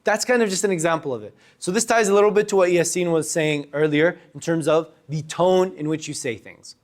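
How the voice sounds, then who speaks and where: A young man teaching a workshop on public speaking to a live group, animated and shifting his loudness and pace to demonstrate. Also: on the high side, fairly quick. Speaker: workshop instructor. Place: room with a live audience.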